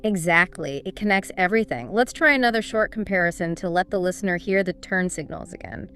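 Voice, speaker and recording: A woman's voice: lowish voice, brisk, fairly bright tone, clear, resonant tone. A woman co-hosting a scripted English speaking lesson, explaining in an upbeat teacher's manner. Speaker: co-host of an English speaking course.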